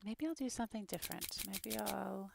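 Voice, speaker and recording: A British woman streaming as she works on an animated scene, muttering to herself and often dropping into a whisper. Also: mid-range voice, moderate pace, vocal fry, background noise. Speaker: streamer making an animated game-character video. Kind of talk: casual narration while working.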